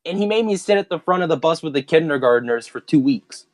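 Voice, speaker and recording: Lively young man telling stories. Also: a little high, fast, no echo. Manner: animated, profane, laughs mid-story. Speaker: podcast co-host. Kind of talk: casual storytelling chat.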